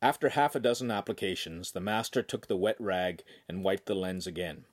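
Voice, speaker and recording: A man narrating an audiobook in an expressive storytelling manner. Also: sits low, fairly quick. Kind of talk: scripted narration.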